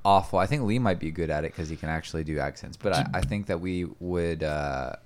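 A man with a very low, deep voice trades jokes on a casual comedy podcast. He keeps a wry, deadpan tone as he chats with his co-hosts. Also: a little fast. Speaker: podcast co-host.

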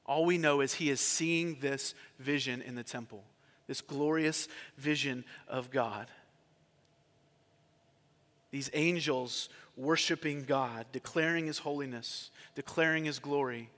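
A man's voice: medium pitch, a little slow, a bit bright, in a large hall. A man preaching a sermon as pastor, talking in a conversational way and asking his congregation questions.

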